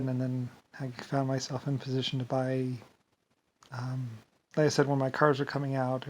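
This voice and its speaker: A man in a loose, rambling monologue. He stumbles over his words, repeats them and restarts his sentences. His voice sits at an ordinary middle pitch, and he drifts off with filler as he goes. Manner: trails off with "anyway, whatever". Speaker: vlogger.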